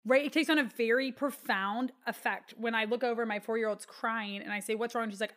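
A woman's voice: a little high, fairly even intonation, brisk, few pauses, a bit bright. A woman in her thirties with a Texan accent, speaking as an interview guest and telling a heartfelt personal story with lots of fillers. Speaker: guest, children's book author. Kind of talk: conversational interview.

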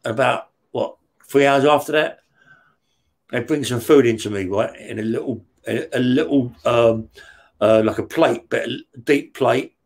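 A man, mid-pitched, telling a story in plain, coarse words. He swears all the time and keeps checking in with his listener, talking in short bursts. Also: measured pace. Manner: blunt, heavy swearing, keeps checking with "yeah?". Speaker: interview guest recounting prison life. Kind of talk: casual storytelling.

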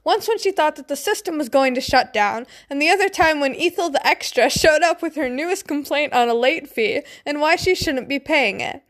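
A woman's voice: high-pitched, lively intonation, normal speed, few pauses, a bit bright. A young woman casually reading a story aloud, breaking off into giggly, swearing asides. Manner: giggly, swears, chatty tangents. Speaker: fanfiction reader.

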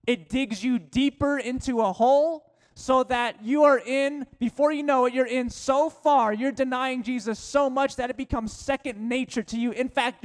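Man, pastor, high voice, sermon, slow emphatic phrasing. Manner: preaching with slowed, emphatic phrases and dropping to a low voice for quotes.

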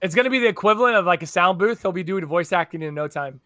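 Guy hosting a gaming podcast, high bright voice, jokey. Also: lively intonation, fast, no room sound. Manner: joking, loud bits of mock yelling. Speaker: podcast host. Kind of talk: casual gaming podcast chat.

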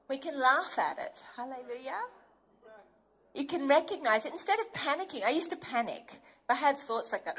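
A woman's voice: high voice, expressive, normal speed, fairly bright tone. A woman preacher giving an earnest, emphatic sermon and acting out inner voices as she goes.

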